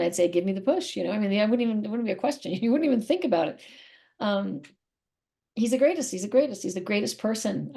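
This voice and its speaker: A woman's voice: medium pitch, gravelly, a little mellow. A middle-aged woman speaking candidly as an interview guest, emotional and rambling, often repeating herself.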